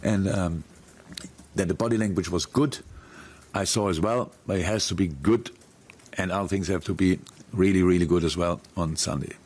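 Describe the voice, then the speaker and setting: A middle-aged football manager answering press questions frankly, with many restarts. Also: male voice, deep voice, fairly even intonation, normal speed, a little mellow, slightly rough. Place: press conference room.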